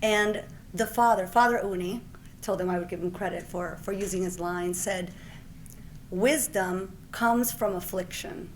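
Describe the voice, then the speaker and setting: Her voice is lowish and her pace moderate as this physician, a woman in her forties from Puerto Rico, accepts an award with a personal anecdote. She brings the story alive by acting out the back-and-forth. Faint hiss or hum is audible.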